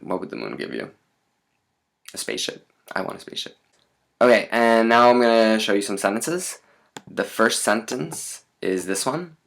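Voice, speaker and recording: A man teaching a lesson in a relaxed, chatty way, with many fillers and asides. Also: deep voice, gravelly.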